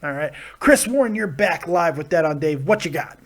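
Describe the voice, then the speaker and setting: High-voiced joking male host. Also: expressive. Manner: loud, joking, swearing, quick laughs. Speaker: show host taking calls. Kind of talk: casual live call-in show.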